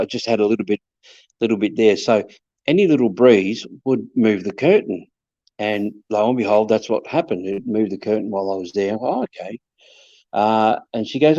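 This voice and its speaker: A man's voice: medium pitch, dark tone, dry recording. A man, a paranormal investigator, telling stories in a casual chat, hesitant and repeating words as he goes. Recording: slightly dull lo-fi sound.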